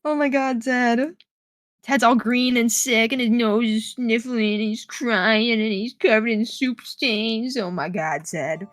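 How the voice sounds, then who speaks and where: A playful woman streamer with a fairly high voice, dramatic and chatty as she reads game text aloud to her viewers. Her voice is dry and close, with almost no room sound. She talks straight into a desk microphone. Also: measured pace, no echo. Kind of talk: casual live-stream chat, reading game text aloud.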